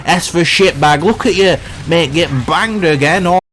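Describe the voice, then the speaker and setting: A man puts on a brash young male gamer who taunts opponents and shows off his skill, dropping "mate" in every line. His voice sits fairly high, in live game-chat audio with a faint hiss and room ambience underneath. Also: moderate pace, fairly bright tone, natural voice. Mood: taunting. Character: cocky young male trash-talking gamer. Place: at home on a gaming mic.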